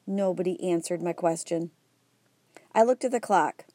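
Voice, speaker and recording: A woman reads a children's story aloud in a wry, even manner. Her voice is low and mellow, recorded close and dry. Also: moderate pace, no room sound. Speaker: narrator. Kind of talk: audiobook narration.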